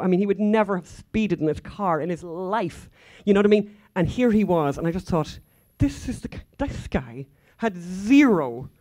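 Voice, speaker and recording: A woman's voice: on the low side, warm tone. An Irish woman giving an anecdotal conference talk, chatty and rambling, full of asides and fillers. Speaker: conference speaker. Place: conference hall stage.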